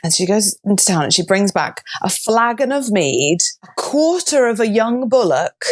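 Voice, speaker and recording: A woman's voice: medium pitch, very animated, normal speed. A woman from Wales retelling an old legend on a podcast, laughing often and slipping into playful quoted voices. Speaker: guest storyteller.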